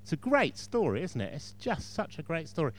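A man's voice: fairly high pitch, huge pitch swings, brisk. A man preaching a sermon in a chatty storytelling way, with frequent asides to the congregation.

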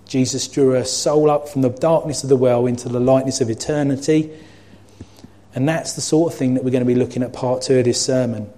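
A man delivering a sermon with a mellow, warm tone at a middling pitch. He talks earnestly and reflectively, teaching from scripture point by point. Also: fairly even intonation, brisk. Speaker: preacher.

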